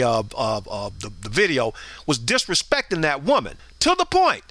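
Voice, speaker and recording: A man's voice: sits high, bright, forceful tone, dry recording. A middle-aged man hosting a commentary show, delivering a blunt, preachy monologue and acting out the people in his stories. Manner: preachy, blunt and emphatic, acts out voices in stories.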